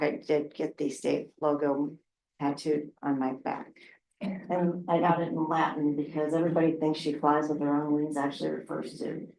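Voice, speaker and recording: Frank, low-voiced woman council leader. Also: darkish tone, recorded from a distance. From Oregon. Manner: candid, chatty, frank, with laughs and filler words. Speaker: regional council president. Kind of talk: informal remarks at a council work session. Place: city council meeting room. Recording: roomy meeting room with faint noise.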